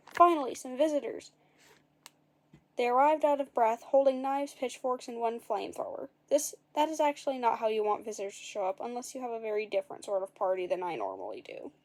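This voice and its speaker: A woman's voice: on the high side, animated, fairly quick, a little mellow. A woman reading a storybook aloud in a casual way, adding wry, dry asides and fixing her own slips as she goes. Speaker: narrator.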